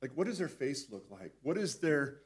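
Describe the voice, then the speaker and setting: A man's voice: medium pitch, very animated. A man leading a devotional Bible teaching in a conversational way, often restarting his sentences. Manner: conversational, halting with repeated restarts. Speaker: pastor.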